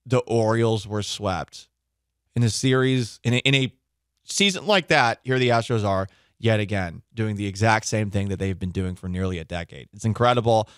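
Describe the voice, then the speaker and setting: A man's voice: on the low side, normal speed, clean tone, dry recording, clean studio sound. A male sports radio host giving conversational, opinionated commentary, often correcting himself mid-sentence. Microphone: studio microphone.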